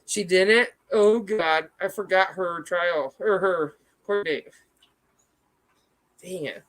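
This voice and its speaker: A woman's voice: on the low side, takes it slowly, poor audio. A woman in her thirties chatting casually on a livestream, rambling, reacting to chat and swearing freely.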